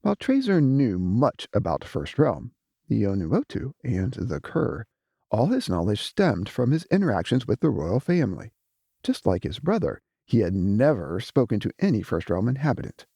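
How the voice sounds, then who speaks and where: A man reads a fantasy audiobook with measured, expressive storytelling. His voice is mellow and slightly husky, and its pitch rises and falls a great deal. The recording is dry and close. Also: dry recording. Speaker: audiobook narrator. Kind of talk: scripted audiobook narration.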